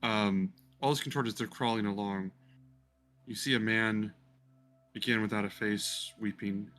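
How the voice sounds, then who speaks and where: A man narrating as game master for a tabletop game, hesitant with many pauses. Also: fairly low pitch, fairly even intonation, fairly bright tone, faint music behind. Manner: hesitant, many ums, descriptive.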